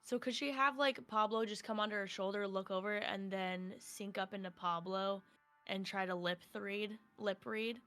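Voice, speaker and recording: Bright, eager woman player. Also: medium pitch, steady tone, normal speed, faint music behind. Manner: eager, chatty, asks lots of questions. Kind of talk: casual tabletop game chat.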